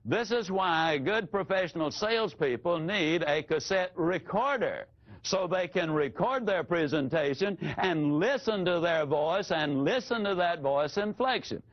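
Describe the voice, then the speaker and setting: An older man giving a folksy, animated sales seminar talk to an audience, often playing with his vocal inflection. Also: high-pitched, measured pace. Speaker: sales trainer. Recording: dull lo-fi audio.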